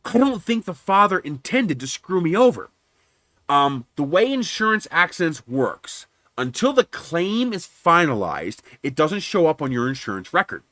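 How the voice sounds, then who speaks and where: A man telling a story on his own livestream, voicing each person on the calls himself. He curses openly and his pitch swings widely, climbing as he works himself up. The sound is dry and close, with no room echo. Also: moderate pace. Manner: animated, profane, acts out both sides of phone calls. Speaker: livestream host.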